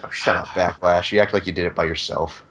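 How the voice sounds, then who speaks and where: A man's voice: deep voice, fairly even intonation, quick pace, fairly bright tone, muffled recording. A man hosting a casual podcast, joking around and laughing often. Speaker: podcast host.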